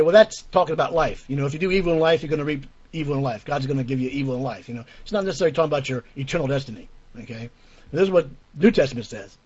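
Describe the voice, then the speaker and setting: A man teaching from the Bible in an earnest, emphatic way, reading verses aloud slowly and repeating key phrases. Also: on the high side, darkish tone, slightly rough. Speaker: preacher teaching from scripture. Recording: dull lo-fi stream audio.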